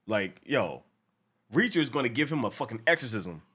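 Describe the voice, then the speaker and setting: A man co-hosting a casual show reaction, talking in a profane, animated way and acting out lines from the episode. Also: medium pitch, moderate pace, slightly rough.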